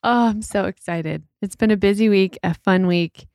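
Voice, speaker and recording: A woman's voice: medium pitch, normal speed, darkish tone, no room sound, studio quality. A woman in her thirties co-hosting a podcast in casual chat, talking in a chatty way and laughing often. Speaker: podcast co-host.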